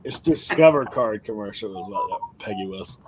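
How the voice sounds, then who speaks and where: Easygoing male co-host, bouncy intonation, quick to laugh, faint hiss. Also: fairly low pitch, expressive. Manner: joking, breaks into laughter. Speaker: livestream co-host. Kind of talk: casual chat.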